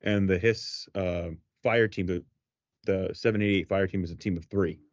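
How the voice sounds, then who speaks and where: A man with a New Jersey accent, a toy brand team member casually answering questions in a roundtable, relaxed and rambling, over a video call. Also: sits low, moderate pace, dry recording, dull audio. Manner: relaxed, rambling, laughs easily.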